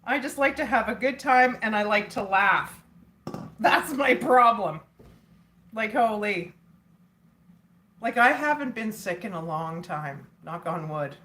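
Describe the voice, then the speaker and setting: A woman's voice: mid-range voice, lively intonation, measured pace, pauses often, a bit bright, slight background noise. A woman hosting a casual livestream, chatting with viewers and laughing often.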